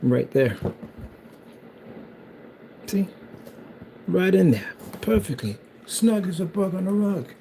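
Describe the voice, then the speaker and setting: A man's voice: sits high, expressive, takes it slowly, vocal fry, long pauses, dark tone, a little hiss or hum, poor audio. A man chatting casually as he shows off a do-it-yourself build, rambling and hyping it up. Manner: hyped, rambling, self-promoting. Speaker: DIY builder.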